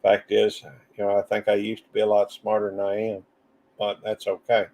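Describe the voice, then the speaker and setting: A Southern-accented man hosts a casual live stream, rambling in a drawl and reading out comments from chat. He talks at a normal speed in a low, monotone voice with a dark tone.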